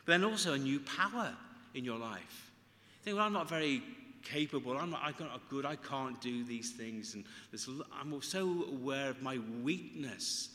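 A man preaching with a forceful, ringing delivery, earnest and emphatic as he stops and restarts his phrases. His voice carries a long reverb from a large, echoey room. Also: fairly high pitch. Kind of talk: sermon.

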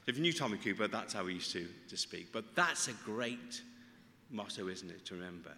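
A man's voice: sits low, expressive, moderate pace, sharp tone, a little hiss or hum. A man preaching a sermon, earnest and emphatic, often restarting his sentences. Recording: echoey hall reverb.

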